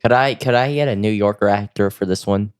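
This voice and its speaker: A man's voice: lowish voice, a little fast, smooth. A man co-hosting a podcast, joking crudely and swearing freely in casual banter. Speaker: podcast co-host.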